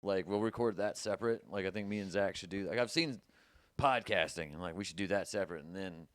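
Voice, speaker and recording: A man's voice: sits low, a little fast, fairly bright tone, no echo. A man co-hosting a podcast in casual chat, rambling with lots of "like" and swearing. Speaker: podcast co-host.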